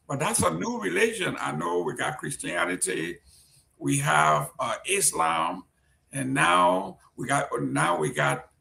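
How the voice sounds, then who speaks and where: A man with a high, gravelly voice hosts a live-streamed talk show, chatty and full of jokes. His tone is bright and forceful. He was recorded in a roomy studio with a clear echo. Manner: chatty, joking, reads out shout-outs. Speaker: host.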